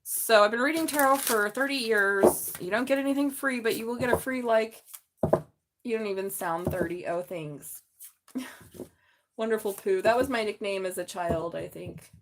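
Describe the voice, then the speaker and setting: A woman's voice: medium pitch, moderate pace, noisy background. Chatty Southern woman reading tarot. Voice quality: mumbly. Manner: chatty and joking, laughs often, talks to the chat. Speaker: tarot reader hosting a live stream. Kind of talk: casual live tarot reading.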